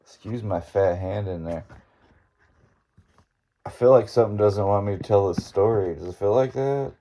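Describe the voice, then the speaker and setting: A man's voice: lowish voice, moderate pace, mellow. A male podcast host casually retelling a friend's ghost story, rambling and often laughing as he quotes his friend.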